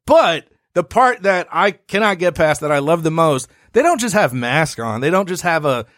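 Male podcast co-host, casual and animated, slightly high pitch, dry close recording. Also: moderate pace, dry recording. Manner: animated, laughs often, rambling asides. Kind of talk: casual chat.

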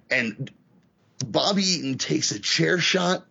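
A man co-hosting a casual wrestling podcast, talking in an animated, profane way and acting out the voices he quotes. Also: medium pitch, unhurried, vocal fry, slightly rough, lo-fi sound. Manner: animated, swears a lot, acts out quoted voices. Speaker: podcast co-host.

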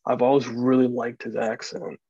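A man with an East Coast American accent chatting casually on a podcast, relaxed and musing with lots of fillers. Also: medium pitch, normal speed, breathy edge, no echo. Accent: Eastern US, Washington D.C. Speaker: podcast host. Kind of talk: casual chat. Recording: dull lo-fi sound.

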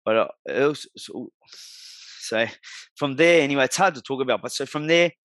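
A man's voice: mid-range voice, normal speed, a bit bright, no echo. An Australian man in his forties, a guest telling his life story bluntly in slangy, swear-heavy talk. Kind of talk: candid storytelling in a podcast interview.

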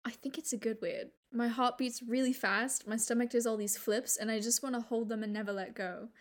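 A woman reads out a nervous, confused young man who is falling for his best friend. Her voice is fairly high and her reading halts at times as she works through the fan fiction lines. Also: steady tone, brisk, lightly acted. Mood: hesitant.

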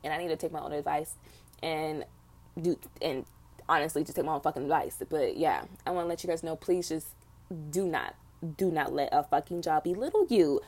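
A woman's voice: low-pitched, fairly quick, a little mellow. A young woman hosting her own podcast, venting bluntly with lots of swearing in casual chat. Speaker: podcast host.

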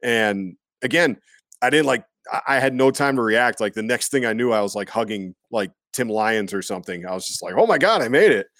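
An Iowa man talks sports casually at a brisk pace, rambling and packing in fillers. When he quotes people he switches to goofy high voices, and his fairly bright voice is recorded without echo.

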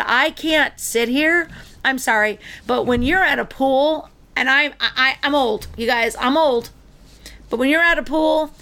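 High-voiced woman telling a story. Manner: animated storytelling, many restarts. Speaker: podcast co-host. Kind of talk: casual chat.

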